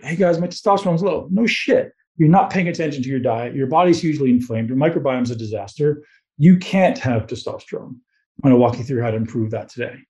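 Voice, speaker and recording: Male coach, mid-pitched, live group talk, profane and pushy. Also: warm tone. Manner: blunt, profane, motivational, asks the room questions. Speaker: host giving a talk on fat loss.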